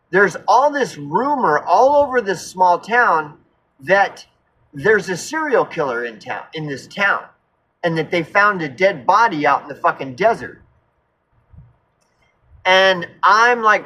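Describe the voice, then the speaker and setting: A man tells a long personal story in a loose, rambling way, swearing often and circling back to the same points. His voice sits a little high and sounds bright and tense. A faint ambience hums behind him. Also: slight background noise, poor audio. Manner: rambling, profane, repeats himself. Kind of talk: casual storytelling monologue.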